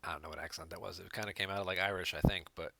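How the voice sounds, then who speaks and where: A man's voice: low voice, fairly even intonation, very fast, gravelly, noisy background. A man chatting casually to his viewers while playing an online card game, talking to people in the chat. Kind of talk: casual gameplay commentary.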